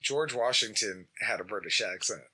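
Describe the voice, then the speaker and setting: A man's voice: lowish voice, normal speed, bright, forceful tone, husky, rough recording. A man hosting a podcast, swapping crude, joking banter with swearing in casual chat. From United States. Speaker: podcast host.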